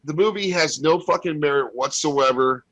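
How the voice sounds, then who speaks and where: A man's voice: a little high, normal speed, a bit bright, dry recording, dull audio. Blunt, exasperated podcast man. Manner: exasperated, blunt, repeats words. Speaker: podcast co-host. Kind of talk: casual profane podcast chat.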